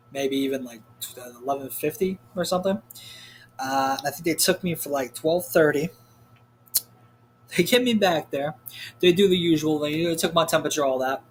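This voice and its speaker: A man's voice: fairly high pitch, a little hiss or hum. A young man telling a story in a rambling, casual rant, full of swearing and filler words. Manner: rambling, profane, heavy on "like" fillers. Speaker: vlogger.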